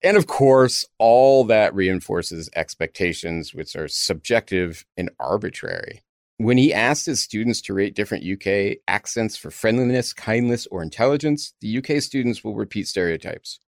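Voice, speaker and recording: Wry, animated low-voiced man. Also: normal speed, vocal fry, dry recording, clean studio sound. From Texas. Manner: wry, lively, mixes reading quotes with joking asides. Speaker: podcast co-host. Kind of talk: casual chat reading and discussing links.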